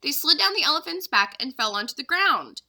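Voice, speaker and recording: A young woman teacher with a very bright, high voice reads a children's chapter book aloud. Her delivery is expressive and lively, rising and falling as she carries the story along. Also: fairly quick. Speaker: third-grade teacher.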